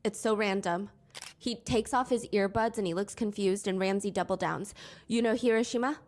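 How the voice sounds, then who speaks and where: A woman's voice: mid-range voice, steady tone, normal speed, a little mellow. A woman narrating a storytime commentary in a conversational, wry way. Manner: reenacts quotes in a raised, mocking voice. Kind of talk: storytime commentary with quoted clips.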